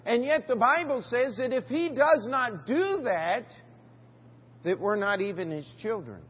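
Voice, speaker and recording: Slow high-voiced preacher in a reverberant church. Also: male voice, big pitch swings, slightly rough. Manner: preaching with rhetorical questions to the congregation; reads scripture aloud in King James wording. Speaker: pastor. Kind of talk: sermon. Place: church sanctuary. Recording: dull church recording with long reverb.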